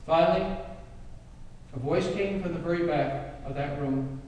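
A man's voice: on the high side, moderate pace, a little mellow. A male preacher telling a story in a dramatic, emphatic sermon. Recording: echoey hall, distant mic.

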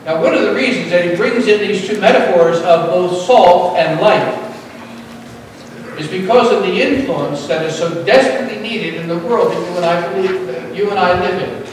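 Man, pastor, sermon, emphatic repetition, high voice, distant mic, very echoey church hall. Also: moderate pace, slight background noise.

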